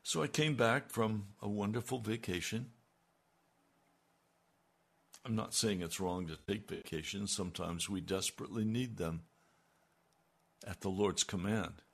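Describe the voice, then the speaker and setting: An older man preaching a sermon, slow and emphatic, with a gravelly voice. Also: fairly low pitch. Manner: slow and emphatic, rising in intensity when quoting God.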